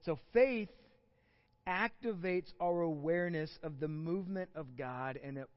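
A fairly high-voiced Texan man preaches a sermon in a conversational, stop-and-start way, then pushes into emphatic peaks. The sound is a little dull, and his voice rings out through a large, reverberant church hall. It comes across as a live Sunday message. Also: a little slow. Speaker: pastor.

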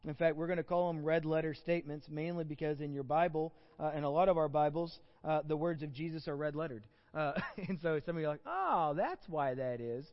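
A man's voice: fairly high pitch, big-room sound, dull audio. A man with a Texan accent preaching a sermon to a church congregation, talking in a conversational way with many restarts and building to emphatic peaks. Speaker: pastor.

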